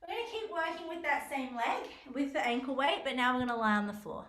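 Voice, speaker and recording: A woman's voice: high voice, fast, noisy background. A young adult woman leading a stretching class, counting reps and giving encouraging cues. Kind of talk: guided exercise class instruction. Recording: roomy echo, voice from far off.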